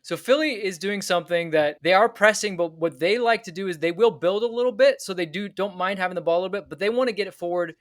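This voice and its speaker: A man co-hosting a soccer podcast, calmly breaking down tactics step by step in casual chat. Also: high-pitched, fast, few pauses, no echo.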